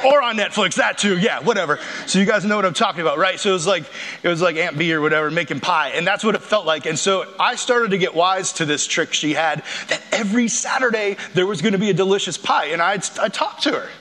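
A young man, a youth pastor giving a casual, energetic sermon full of jokey stories. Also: sits high, fast. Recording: echoey hall sound.

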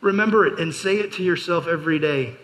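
A man's voice: on the high side, quick pace, a bit bright, rough recording. A man preaching a casual youth sermon, chatty and storytelling, full of fillers and joking asides. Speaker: youth pastor.

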